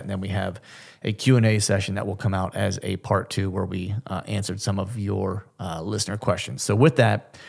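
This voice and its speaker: A man's voice: on the low side, creaky, darkish tone. A young adult man hosting a hunting podcast in a loose, rambling, self-mocking way with plenty of fillers. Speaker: podcast host. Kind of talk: casual podcast chat.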